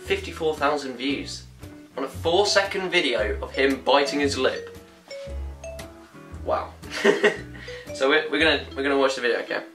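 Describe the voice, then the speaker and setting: Brief: young British woman, comic rant, bright tone, recorded from a distance with faint music behind. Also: rumbling low, moderate pace, long pauses. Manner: exasperated, laughs often. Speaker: vlogger. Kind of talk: comic ranting monologue. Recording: roomy echo, distant mic, faint music.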